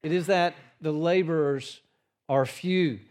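A man preaching a sermon to his congregation in a church, earnest in tone and dropping his voice low for the quiet passages. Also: slow pace. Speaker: pastor.

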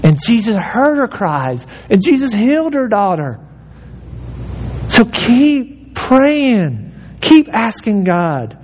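A man preaching in a high voice, urgent and emphatic, slipping into the prayers he quotes. His sermon rings through a hall with long reverb and a faint low rumble underneath. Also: sing-song, slow pace. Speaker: pastor.

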